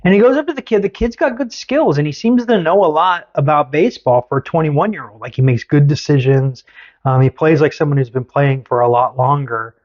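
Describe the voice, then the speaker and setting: A man's voice: a little high, brisk, a little mellow, muffled recording. A man hosting a podcast, telling a story in a casual, teasing way. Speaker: podcast host.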